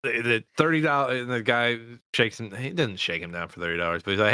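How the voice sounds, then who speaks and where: A man co-hosting a podcast, chatting casually about a movie, rambling with halting restarts and quick asides. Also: medium pitch, bright, forceful tone, clear, resonant tone, no room sound, studio quality. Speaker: podcast co-host.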